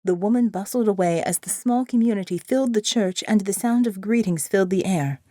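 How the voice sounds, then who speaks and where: A woman narrating an audiobook thriller in a measured, steady way. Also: medium pitch, no echo, clean studio sound. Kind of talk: scripted narration.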